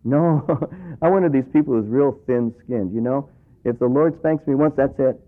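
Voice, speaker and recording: A middle-aged man preaches in a chatty, storytelling way and slips into little acted voices for the people he quotes. His voice sits at an ordinary pitch. It comes through a thin, narrow band, like a radio sermon heard over a phone line. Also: moderate pace. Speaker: pastor. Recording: tinny phone-like radio broadcast.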